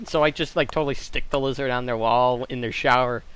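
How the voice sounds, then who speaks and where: A man's voice: mid-range voice, fairly even intonation, fairly quick, a bit bright, low-quality recording. Young man rambling on voice chat. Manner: rambling, crude joking, many fillers. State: has a cold. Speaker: podcast host. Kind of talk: casual voice chat. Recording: online voice chat with faint noise.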